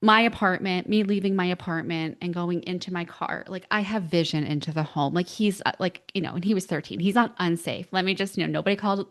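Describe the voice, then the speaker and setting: A middle-aged woman, a parent coach, telling stories on a podcast, lively, filler-heavy and laughing often. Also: fairly low pitch, fairly quick, hardly any pauses. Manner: animated storytelling, laughs often, many fillers. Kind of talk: casual podcast conversation.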